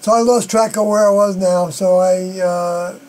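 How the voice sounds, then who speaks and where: A man talking alone on a live stream, rambling and halting, with many fillers and unfinished sentences. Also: high voice, fairly even intonation, darkish tone, rough recording. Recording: mains hum behind the voice.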